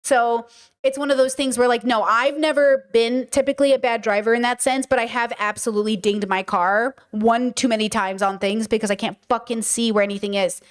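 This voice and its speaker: A woman hosting a stream, telling a story in a blunt, profane and animated way. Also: a little high, fairly quick. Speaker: podcast and stream host. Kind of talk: casual storytelling to a livestream audience.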